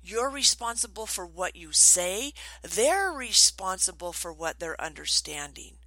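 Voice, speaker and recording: Middle-aged woman, trainer, lively storyteller, bright and forceful tone, dry close sound. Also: fairly low pitch, measured pace, no room sound, low-quality recording. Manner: animated, acts out quoted voices. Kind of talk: storytelling talk.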